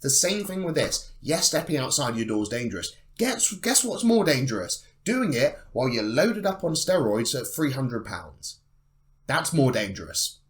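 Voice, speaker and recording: A young man who hosts a bodybuilding channel delivers an opinionated monologue to the camera, emphatic, sarcastic and swearing freely. His medium-pitched voice has big pitch swings at a moderate pace.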